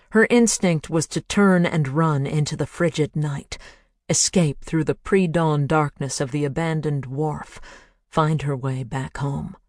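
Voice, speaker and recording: An audiobook narrator reading a thriller in a measured, hushed voice. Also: medium pitch, no room sound, studio quality. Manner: measured, hushed, building to intense.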